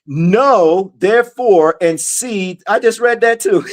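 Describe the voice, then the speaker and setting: A man with a high voice teaches scripture in a relaxed, conversational way. His pitch swings widely as he reads verses aloud and talks straight to his listeners. He takes his time, with an unhurried pace. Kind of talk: casual Bible study teaching.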